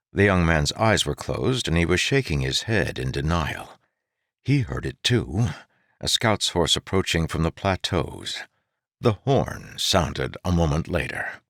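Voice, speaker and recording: Casting: male audiobook narrator, deep and expressive, dry close sound. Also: unhurried, no room sound. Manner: steady narration. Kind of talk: audiobook reading.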